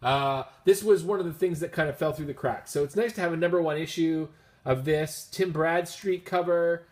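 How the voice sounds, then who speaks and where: A Canadian man talks through his latest finds in a relaxed, upbeat way, drifting into little tangents as he goes. His voice sits slightly higher than most men's. He records at home in a casual vlog style. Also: moderate pace. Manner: chatty and upbeat, rambling asides. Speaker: comics vlogger showing his haul. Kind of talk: casual chat.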